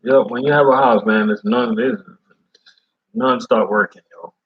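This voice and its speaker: A man who is a food service delivery driver, chatting casually in slangy, animated talk. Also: mid-range voice, a little slow, creaky, highs cut off. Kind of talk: casual chat.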